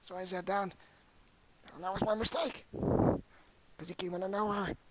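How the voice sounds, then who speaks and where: A young man voicing a boastful, rambling ancient old man who tells a crude, excitable tall tale in an amateur comedy bit. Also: high voice, measured pace, a little hiss or hum, rough recording.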